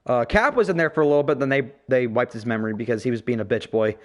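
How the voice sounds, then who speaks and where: A man's voice: medium pitch, fast talker. A man hosting a casual podcast, ranting profanely and with strong opinions. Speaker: podcast host.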